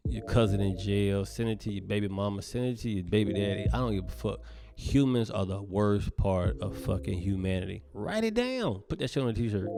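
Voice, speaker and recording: A man from the United States, a comedian hosting a solo podcast, talking in a profane, emphatic rant that swings between loud bursts and hushed asides. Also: on the low side, creaky.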